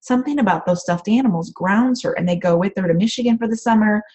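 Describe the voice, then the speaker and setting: A woman's voice: mid-range voice, fast, a little mellow. A woman coach giving casual, rambling advice on a group call from her home office, with frequent "um" fillers. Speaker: empath coach.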